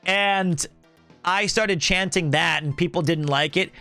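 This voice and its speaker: A young man hosting a stream, telling a rambling, joking story in a casual, animated way. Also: high-pitched, measured pace, dry recording, faint music behind. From United States. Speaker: streamer host.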